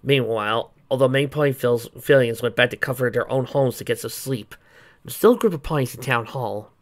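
Casual story reader, chatty and into it, reading fanfic out loud. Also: mid-range voice, fairly quick. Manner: chatty, enthusiastic asides. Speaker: fan-fiction reader.

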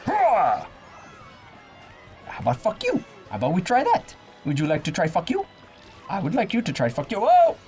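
Man, gaming co-host, lively swooping voice, excited yelling, swearing, faint music behind. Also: high voice, moderate pace, pauses often. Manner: loud excited outbursts at the game, swearing. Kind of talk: casual let's-play banter.

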